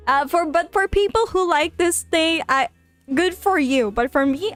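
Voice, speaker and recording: A woman streaming a game and chatting casually with her viewers, animated and exclaiming, often in mock outrage. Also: very high voice, moderate pace, faint music behind. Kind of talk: casual live-stream chat.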